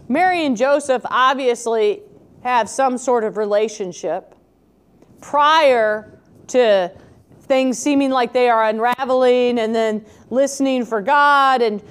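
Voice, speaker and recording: Woman preacher, high voice, casual sermon with rhetorical asides. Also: smooth. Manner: conversational, asks rhetorical questions, animated when quoting. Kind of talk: scripture reading and reflective sermon.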